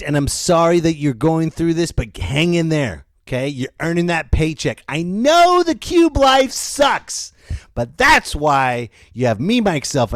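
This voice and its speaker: A man's voice: medium pitch, dry recording, clean studio sound. A man hosting a solo comedy podcast, goofy and playful, talking straight to his listeners. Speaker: podcast host.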